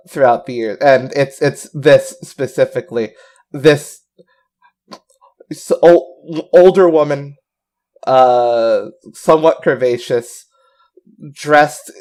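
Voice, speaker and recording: A man with a mid-range voice talks slowly through a relaxed commentary. He rambles a bit, restarts his thoughts, and laughs easily between remarks. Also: mid-range voice. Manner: slow, rambling, laughs often. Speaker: commentary co-host. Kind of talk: casual audio commentary.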